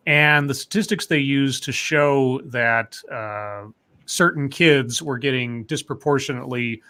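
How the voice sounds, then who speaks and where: A man's voice: medium pitch, pushed and bright. Musing man hosting a podcast. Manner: musing, questioning, many restarts. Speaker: podcast host. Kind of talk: casual chat.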